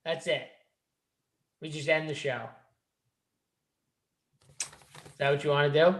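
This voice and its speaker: Teasing, laid-back podcast host. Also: male voice, a little high, steady tone, takes it slowly. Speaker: fantasy sports podcast host. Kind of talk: casual podcast banter.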